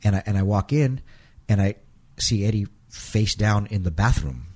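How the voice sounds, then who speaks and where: A middle-aged man being interviewed tells a heartfelt personal story haltingly, repeating himself and playing out the quotes. His voice is lowish and a little mellow, and he comes across as animated.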